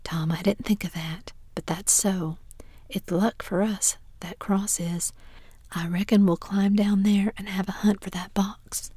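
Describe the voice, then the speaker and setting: A shaky, wary whispered role-play of a superstitious country boy, as a woman voices him. Breathy and mellow, heard close in a dry space. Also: medium pitch, fairly even intonation, unhurried, no room sound. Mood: relieved. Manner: shaky, wary whisper, drawling folksy speech. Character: superstitious, jittery boy, rough-mannered.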